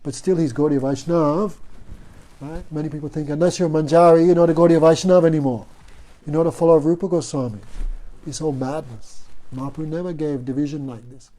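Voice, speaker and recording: A man's voice: on the high side, fairly even intonation, a little fast, mellow. A man teaching a devotional class in a storytelling way, often asking his listeners "no?". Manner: storytelling, asks the audience "no?" often. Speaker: spiritual teacher.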